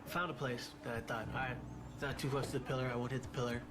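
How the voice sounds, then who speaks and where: A man telling a personal story in a documentary interview, halting and repeating his words as he goes. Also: medium pitch, steady tone, noisy background. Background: music.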